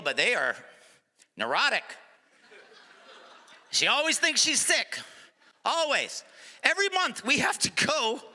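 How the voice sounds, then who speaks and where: A middle-aged male stand-up comedian performing a live set, sarcastic, sometimes dropping to a low mutter for asides. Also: pushed and bright. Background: audience laughter.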